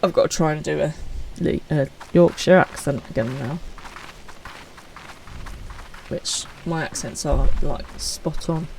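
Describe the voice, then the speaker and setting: Chatty woman with a gravelly voice. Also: sits low, normal speed, a little mellow, a little hiss or hum, rough recording. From United Kingdom. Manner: chatty, self-deprecating, reads out chat. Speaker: streamer. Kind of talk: casual live-stream chat.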